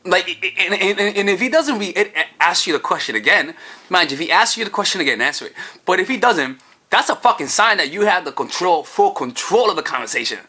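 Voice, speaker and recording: Guy ranting dating advice on a camera mic, swears a lot, bouncy pitch, sharp bright voice. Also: fairly quick, slightly rough. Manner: profane, animated, rambling. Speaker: dating coach. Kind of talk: casual advice vlog. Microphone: camera-mounted microphone.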